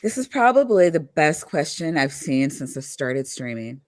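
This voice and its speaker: A woman with a low voice hosts a stream, with speech that swings up and down a lot. She is blunt and teasing, with crude jokes. The sound is dry and close, with no room around it. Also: big pitch swings, moderate pace, no room sound. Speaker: stream host. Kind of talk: casual chat.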